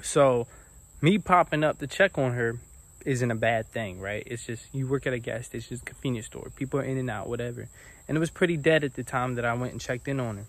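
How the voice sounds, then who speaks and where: A young man telling a casual storytime about his own life, animated and acting out the people he quotes. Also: medium pitch, fairly quick. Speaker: vlogger.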